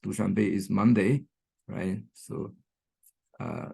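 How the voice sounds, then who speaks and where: A man's voice: on the low side, takes it slowly, gravelly, a little mellow, slightly rough. A man giving an online academic lecture, with many fillers, restarts and "right?" checks, recorded over a computer microphone. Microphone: computer mic on a video call.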